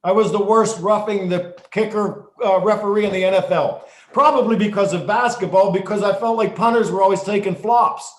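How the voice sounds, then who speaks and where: A middle-aged man, a former referee, telling stories in an interview in an animated way, with many restarts. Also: sits high, brisk, few pauses. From United States. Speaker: guest, former football referee and basketball official. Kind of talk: storytelling interview. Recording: echoey room.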